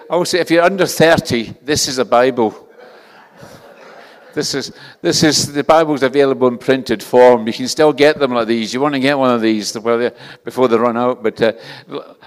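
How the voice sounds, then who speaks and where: A man's voice: medium pitch, moderate pace, in a large hall. An older man with a Scottish accent preaching a sermon in a conversational, self-deprecating way, often restarting his sentences. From Scotland.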